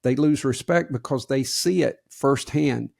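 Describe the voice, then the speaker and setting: A man's voice: mid-range voice, measured pace, creaky, darkish tone, no room sound, studio quality. A man with a Southern US accent co-hosting a podcast in a folksy, plainspoken way, giving advice to leaders. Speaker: podcast co-host. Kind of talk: casual podcast talk.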